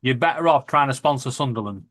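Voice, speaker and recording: A man's voice: medium pitch, lively intonation, fast talker, a bit bright, no room sound. A man with a Lancashire accent, chatting casually and telling jokey, sweary stories. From Lancashire, England. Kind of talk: casual chat.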